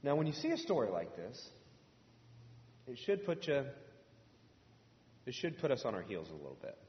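A man's voice: mid-range voice, huge pitch swings, normal speed. A man from Indiana preaching a sermon to a congregation, telling a story in a conversational way and asking the room questions. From Indiana, USA. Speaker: pastor. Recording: echoey hall, dull sound.

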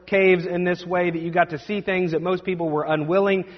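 Preacher telling a story in a reverberant hall. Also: male voice, high-pitched, little pitch movement, fairly quick. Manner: dramatic, shifts between loud and hushed. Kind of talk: sermon storytelling. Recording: dull sound with long hall reverb.

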